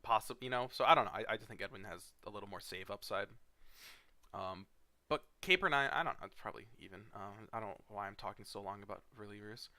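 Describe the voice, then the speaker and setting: Talking fast in a fairly low, sharp-toned voice, a young fantasy league commissioner gives a casual screen-share recap. He is sleepy and yawning, rambling with lots of fillers and blunt, profane asides. The recording is dry.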